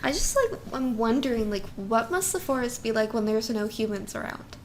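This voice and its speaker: A woman's voice: fairly high pitch, expressive, moderate pace, a little hiss or hum. A young woman co-hosting a podcast in casual chat, giggly and filler-heavy, saying "like" a lot. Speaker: podcast co-host.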